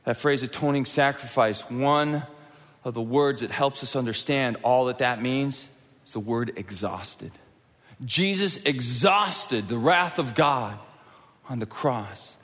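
A man preaching a sermon, swinging between forceful, loud peaks and hushed, quiet passages. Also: medium pitch, lively intonation, takes it slowly. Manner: dynamic, swings from loud intense peaks to hushed near-whispers. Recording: long hall reverb.

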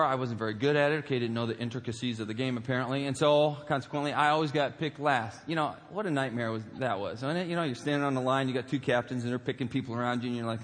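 A male pastor with a medium-pitched voice delivers a funny, story-filled sermon in a big auditorium, animated and full of jokes, fillers, and asides. The recording carries a long auditorium reverb.

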